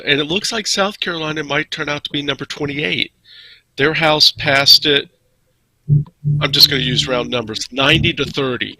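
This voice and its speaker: A man co-hosting a podcast with a very bright, forceful voice. He talks through the news plainly and calmly. His voice comes across close and dry. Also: mid-range voice, no echo, low-quality recording. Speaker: podcast co-host. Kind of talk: casual news discussion.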